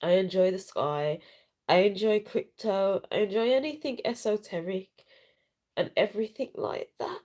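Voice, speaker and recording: A woman's voice: mid-range voice, moderate pace, darkish tone. A woman chatting on a casual live video, tearful and frank, rambling with slang and swearing while she cries. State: crying. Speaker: vlogger. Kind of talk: emotional casual live chat. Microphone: self-recorded at home without sound check.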